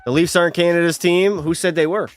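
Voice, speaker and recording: A man's voice: a little high, steady tone, fast, no echo, faint music behind. A young man live-streaming a hockey video game, chatting and teasing his viewers as he plays. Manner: chatty, teasing, banters with chat.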